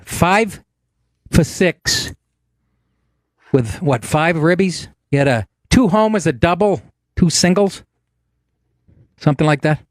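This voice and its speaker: A man hosting a talk show with a voice that sits a bit high for a man. He tells casual, profane stories in a sarcastic tone. The sound is dry and close, with no room in it. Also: no room sound. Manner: takes on voices for quotes. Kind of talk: casual comedic monologue.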